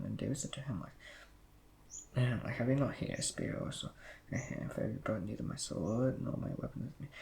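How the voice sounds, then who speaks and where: A man reading scripture aloud in a rushed way, with slips and restarts. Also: mid-range voice, creaky, darkish tone, slight background noise, poor audio. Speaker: Bible reader.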